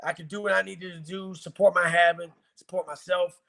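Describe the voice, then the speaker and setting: Gravelly, higher-voiced man telling his story. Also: little pitch movement, brisk, a bit bright. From Virginia, US. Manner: blunt, profane, emotional retelling. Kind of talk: casual storytelling interview.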